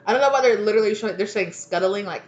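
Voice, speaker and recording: Racing through her words in a medium-pitched voice, a woman gives her viewers a laid-back tarot reading full of chatter, laughter, and free swearing. The lo-fi audio has a roomy echo with faint noise.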